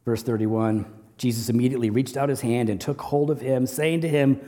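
A man preaching a sermon as pastor, swinging between loud emphatic bursts and soft low asides. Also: steady tone, a little fast, big-room sound.

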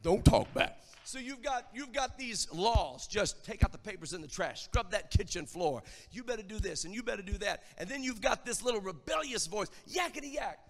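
A man preaching a sermon, emphatic and rising to shouted lines. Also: high voice, expressive, brisk, hardly any pauses, long reverb tail. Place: church.

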